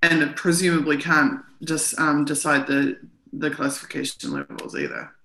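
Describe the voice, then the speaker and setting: A woman's voice: low voice, big pitch swings, normal speed, creaky, sharp tone. A woman co-hosting a live stream, reading official text aloud and then commenting on it. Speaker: co-host analysing documents. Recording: roomy echo.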